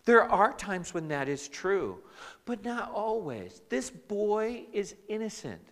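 A male pastor delivers a sermon at an unhurried pace, his voice rising and falling with lively expression. He often breaks off to speak directly to the congregation. His words ring out with the long reverb of a large hall. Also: sits high. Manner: animated preaching, with asides to the congregation.

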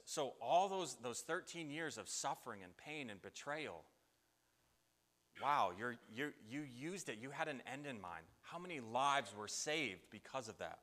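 A man preaching a sermon, telling a Bible story with lively acted-out voices. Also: medium pitch, a little slow, in a large hall. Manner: animated storytelling, acts out biblical voices.

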